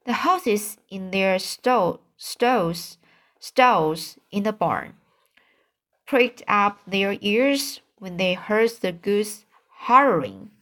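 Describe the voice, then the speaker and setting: Woman reading a kids book out loud, real slow and careful, trips on a word here and there. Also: medium pitch, animated. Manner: slow, careful reading with occasional slips and restarts. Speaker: audiobook reader. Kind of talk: storybook narration.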